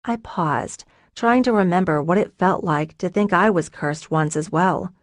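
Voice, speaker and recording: A woman narrating a novel in the first person in a soft, earnest, emotional way. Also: fairly low pitch, a little slow, few pauses, dry recording, studio quality. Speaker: audiobook narrator.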